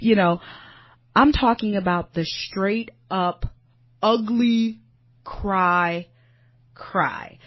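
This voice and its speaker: A woman's voice: mid-range voice, takes it slowly, pauses often, no room sound, lo-fi sound. A woman, hosting a podcast and telling a personal story in an earnest, confiding way, calling her listeners "y'all". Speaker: podcast host.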